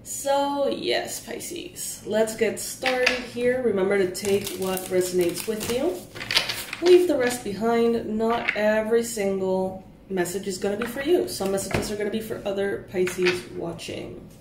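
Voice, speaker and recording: A woman's voice: mid-range voice, unhurried, far from the mic, noisy background. Sleepy-voiced woman reading tarot, roomy echo. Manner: relaxed and chatty, sleepy early-morning voice. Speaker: tarot reader. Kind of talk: casual tarot reading to camera.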